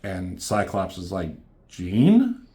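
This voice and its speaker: In an unhurried, lowish voice, a man goes over a comic book, recapping and reviewing it casually. He curses freely and reads out what the characters say in a slightly raised voice.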